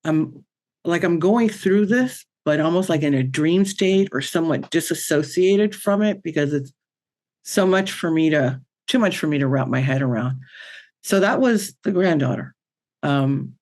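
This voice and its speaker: A woman's voice: deep voice, normal speed, darkish tone. A woman who works as a spiritual medium, telling a personal story as a guest in an interview in a chatty, earnest way with many fillers and restarts.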